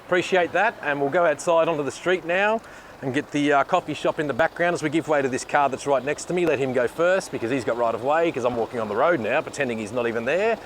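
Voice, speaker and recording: Talking fast in a slightly high voice, this Australian man hosts a laid-back vlog, carrying a handheld camera between a bakery and the street outside. He's chatty and rambling, full of thank-yous, and there's a faint hiss or hum on the audio.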